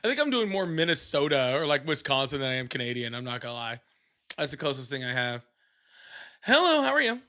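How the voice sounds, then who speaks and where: A man's voice: medium pitch, very animated, quick pace, pushed and bright. A man co-hosting a casual political livestream, joking and teasing callers with frequent laughs. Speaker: livestream co-host.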